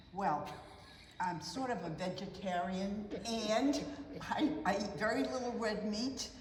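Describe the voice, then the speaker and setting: An older woman, a parish housekeeper, answering questions in a sweet, earnest, soft-spoken way. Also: mid-range voice, slow pace, pauses often, slight background noise. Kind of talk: casual interview. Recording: echoey room, mic at a distance.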